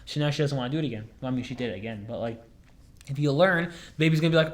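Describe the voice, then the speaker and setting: A man's voice: medium pitch, very fast. Young man rambling in a casual podcast chat. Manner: rambling, jokey storytelling with many fillers. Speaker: podcast host.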